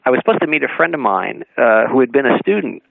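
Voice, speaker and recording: A man, an author guest on a radio talk show, telling an anecdote in a lively way, acting out dialogue and laughing often. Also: medium pitch, fast, creaky, no echo. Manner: animated storyteller, acts out dialogue, laughs often. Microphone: phone call-in. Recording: narrowband phone line, dry.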